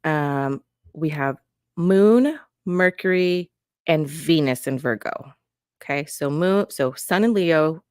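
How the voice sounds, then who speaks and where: A woman hosting an astrology podcast, who also reads charts, chats casually from home on camera, rambling and interrupting herself as she goes. Her low voice is animated yet slow, slightly mellow and smooth, captured at studio quality with no echo.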